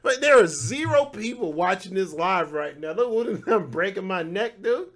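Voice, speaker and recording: A man in his thirties with an expressive voice that sits high talks at normal speed on his own podcast. He offers casual solo commentary, laughing in asides and restarting often.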